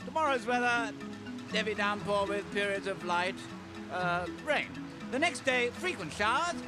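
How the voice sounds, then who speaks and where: A man's voice: high voice, expressive, normal speed, over music, voice pushed up. A man voicing a zany male rainforest TV weatherman who chirpily rattles off forecasts. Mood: chirpy.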